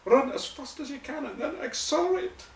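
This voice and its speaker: A man's voice: very high voice, animated, moderate pace, reverberant, recorded from a distance, voice pushed up. A man doing a barking old Scottish coach. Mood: barking orders.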